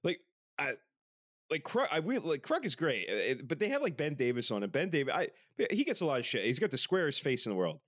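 A man's voice: a little high, big pitch swings, fairly quick, fairly bright tone, dry recording, clean studio sound. Rambling, swearing podcast host man. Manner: rambling, profane, lots of fillers. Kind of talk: casual sports chat.

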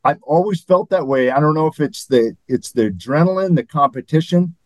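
A man's voice: fairly high pitch, animated, a little fast, dry recording, rough recording. An older man, a former athlete and guest, telling stories in a rambling, chuckling way. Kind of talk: anecdotal interview storytelling.

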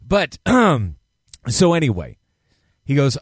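A man co-hosting a casual podcast, joking crudely and reading out news pieces. He sounds close and dry on the mic, with a mid-pitched everyday voice. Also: big pitch swings, a little fast, no echo. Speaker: podcast co-host.

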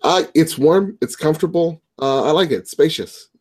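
A man's voice: fairly high pitch, expressive, moderate pace, a little mellow. A young man co-hosting a gaming podcast, easygoing and agreeable in casual chat. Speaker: podcast co-host.

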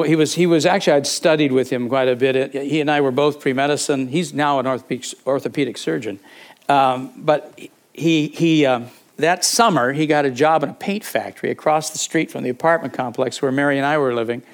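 A man's voice: medium pitch, brisk. An older man preaching, telling a personal story conversationally, with frequent restarts and acted-out moments. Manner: conversational, with repeated words and fillers; animated, acting out the people in his stories. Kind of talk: sermon storytelling.

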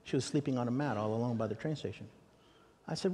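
American male preacher, mid-pitched, lively storyteller, big echoing hall. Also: fast. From United States. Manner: animated, acts out dialogue with raised pitch for questions. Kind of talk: sermon storytelling. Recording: long reverb of a large hall.

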